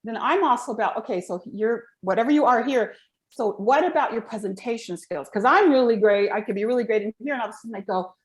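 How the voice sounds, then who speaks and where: A middle-aged woman speaks as an interview guest in a slightly high voice. She is a coach who rambles animatedly through her stories in casual chat. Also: fast. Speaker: guest, live video and voice coach.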